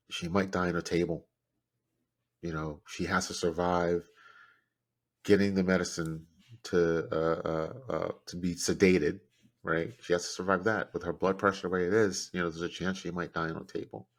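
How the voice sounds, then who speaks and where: A man hosting a podcast, telling a personal story in a halting, grief-stricken way with many restarts. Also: low voice. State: grieving, close to tears. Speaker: podcast host.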